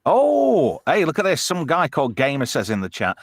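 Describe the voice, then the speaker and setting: Sex: man. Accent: English. Role: live stream host. Style: crude casual banter. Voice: animated pitch, dry close sound. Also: normal speed, creaky, no room sound. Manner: swears freely, reads chat comments aloud. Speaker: show host.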